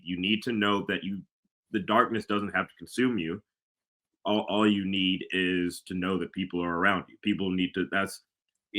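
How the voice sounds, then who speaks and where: A man speaks with a low, forceful voice in a casual podcast chat. He is earnest and reflective, stammering a little before landing his points with emphasis. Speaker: podcast co-host.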